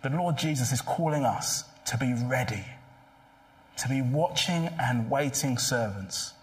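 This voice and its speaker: A man's voice: medium pitch, animated, unhurried. A man preaching a sermon in a church, earnest and pleading, asking many rhetorical questions. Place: church hall.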